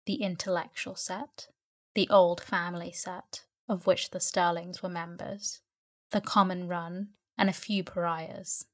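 Woman narrator, sleep story, low voice, even storytelling pace. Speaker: audiobook narrator. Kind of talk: bedtime sleep story reading.

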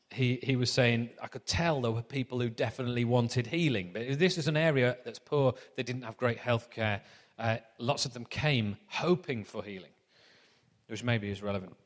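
A man's voice: medium pitch, long reverb tail. A man preaching a sermon in a chatty, anecdotal storytelling manner.

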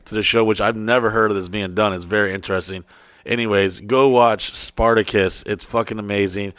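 A man's voice: on the low side, fairly even intonation, a little fast, fairly bright tone, clear, resonant tone, dry recording. A man co-hosting a casual podcast, talking in a profane, emphatic way and getting fired up. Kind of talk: casual crude chat.

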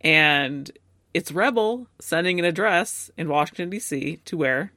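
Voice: mid-range voice, lively intonation, measured pace, pushed and bright, no room sound, clean studio sound. A co-host recapping plot in casual chat, chatty and quoting characters' lines along the way. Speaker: podcast co-host.

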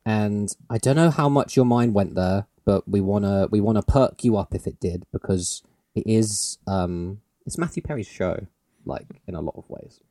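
Man, podcast co-host, mellow tone, dry close sound, chatty, laughs a lot. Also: fairly low pitch, normal speed, no echo. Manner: chatty, laughs often, rambling restarts. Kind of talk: casual chat.

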